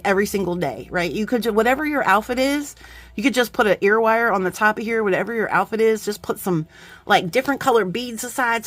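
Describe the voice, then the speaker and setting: Chatty, effusive woman unboxing craft supplies. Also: medium pitch. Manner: chatty and effusive, laughs often, trails off mid-sentence. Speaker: crafting vlogger. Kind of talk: casual unboxing chat.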